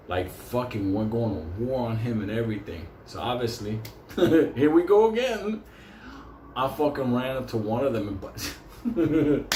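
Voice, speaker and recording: A man's voice: lowish voice, a little mellow, a little hiss or hum. Profane rambling storyteller man. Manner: profane, rambling, laughing often. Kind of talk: casual storytelling. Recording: echoey room with faint ambience.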